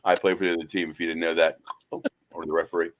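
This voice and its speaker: A man's voice: low voice, flat delivery, very fast, a bit bright. A man hosting a talk radio show, telling stories in a rambling, hesitant way. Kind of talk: casual talk radio chat.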